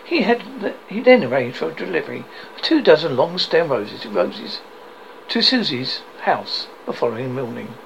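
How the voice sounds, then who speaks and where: A man's voice: fairly high pitch, sing-song, moderate pace, creaky, slight background noise, rough recording. A man reading an extract from his own book aloud, telling the story steadily with occasional slips. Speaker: author and narrator.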